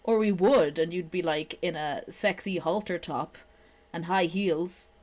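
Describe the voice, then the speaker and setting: A young woman from Ireland with a softened Irish accent, chatting casually with friends and shifting into animated comic voices. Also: a little slow. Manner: animated, swears a lot, laughs, shifts into high-pitched comic voices. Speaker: podcast co-host. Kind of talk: casual chat.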